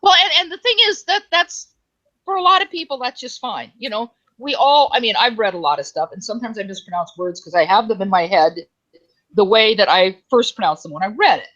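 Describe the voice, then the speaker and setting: A woman's voice: medium pitch, lively intonation, a bit bright, muffled recording. Chatty woman in a casual group chat. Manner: chatty, rambling, quick to laugh.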